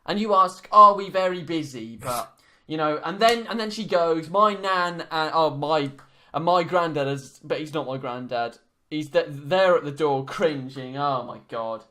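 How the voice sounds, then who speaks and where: Young guy, podcast co-host, slightly higher voice, rambling, casual storyteller. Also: a little slow, a bit bright. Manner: rambling, lots of fillers and restarts.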